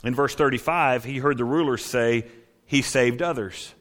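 A pastor delivers a conversational, emphatic sermon, often checking in with his listeners and swinging between loud declarations and hushed asides. He speaks at a medium pitch and normal speed.

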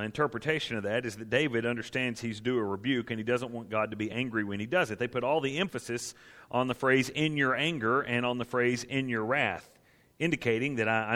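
Bright-voiced earnest preacher man. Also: mid-range voice. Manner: earnest, rising to impassioned emphasis. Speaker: pastor. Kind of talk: sermon.

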